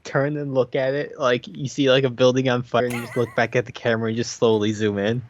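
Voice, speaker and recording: A man's voice: medium pitch, little pitch movement, fast talker, dull audio, a little hiss or hum. A man co-hosting a podcast, mostly giving short listening replies and dry joking asides. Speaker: podcast co-host. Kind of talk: casual chat.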